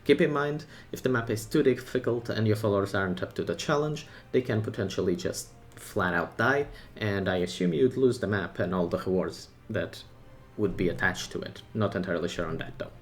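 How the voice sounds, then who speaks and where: This gaming creator's voice is lowish and a little fast. He reacts to a game update in short, excited spurts, tossing in his own views and side remarks.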